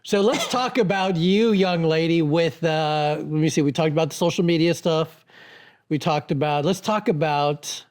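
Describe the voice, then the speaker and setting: A man's voice: a little high, moderate pace, darkish tone. A middle-aged man co-hosting a podcast, chatting easily and putting questions to a young guest. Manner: easygoing, chatty interviewer. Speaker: podcast co-host. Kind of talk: casual chat.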